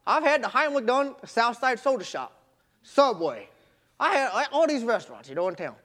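Brief: young man, very high voice, folksy animated storyteller, casual grammar. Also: brisk. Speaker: marathon runner telling his story. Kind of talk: storytelling talk.

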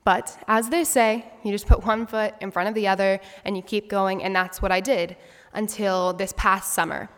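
A young woman in her twenties gives a heartfelt spoken story, earnest and reflective. Her voice sits at an ordinary middle pitch. It rings out with a long reverb, as in a large hall. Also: fairly even intonation, normal speed, few pauses, fairly bright tone. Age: 20s. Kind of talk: personal story speech.

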